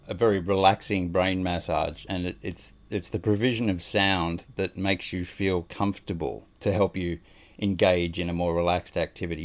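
A man hosting a podcast, talking in a gentle, reassuring way. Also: sits low. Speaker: podcast host. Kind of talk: casual chat.

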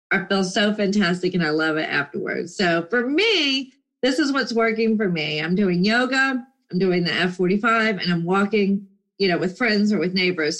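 Talking to her audience in a relaxed, lively way, this middle-aged vlogger puts on fun voices for the people she quotes. Her voice sits in the mid range and comes across as bubbly.

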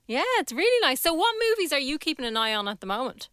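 A woman's voice: high-pitched, very animated, a bit bright, dry recording, clean studio sound. A woman hosting a casual radio interview, friendly and curious. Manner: friendly, curious, quick to agree. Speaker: radio host.

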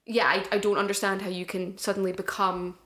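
A woman's voice: medium pitch, brisk. Laughing young Scottish woman. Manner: laughs often, animated storytelling. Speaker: podcast co-host. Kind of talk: casual chat.

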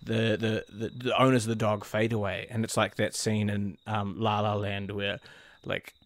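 A man's voice: fairly low pitch, level tone, normal speed. A man co-hosting a comedy podcast, chatting with dry, wry humor. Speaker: podcast co-host. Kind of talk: comedic improv chat.

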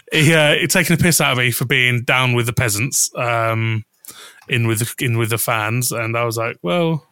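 Brief: man, podcast host, bright and dry close sound, rambling storyteller who restarts sentences and swears casually. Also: mid-range voice, unhurried, pauses often, clean tone, no room sound.

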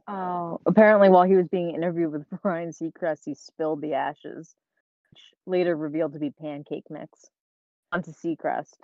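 A woman co-hosting a podcast in casual chat, blunt and quick to laugh, with the odd swear word. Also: deep voice, steady tone, no room sound. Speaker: podcast co-host. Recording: dull lo-fi recording.

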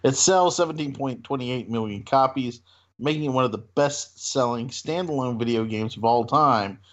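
A man's voice: medium pitch, normal speed. A man co-hosting a casual podcast, chatting in a jokey, playful way. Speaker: podcast co-host. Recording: slightly dull lo-fi sound.

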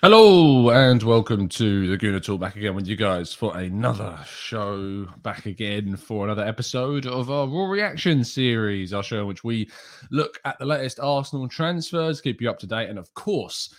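A man's voice: lowish voice, expressive, normal speed. A man hosting a casual football podcast livestream, chatting away and reading out viewers' names and messages. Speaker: podcast host.

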